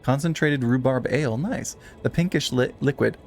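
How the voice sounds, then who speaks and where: A streamer chats casually with viewers while gaming live, swearing freely and reading text aloud. His medium-pitched voice is creaky at normal speed, with soft music in the background.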